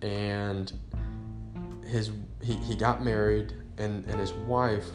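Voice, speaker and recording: A man's voice: fairly low pitch, little pitch movement. Man reading a sermon over guitar. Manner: halting, many restarts and fillers. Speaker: podcast host reading a sermon. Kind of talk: sermon reading then casual talk. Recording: roomy sound with guitar music behind.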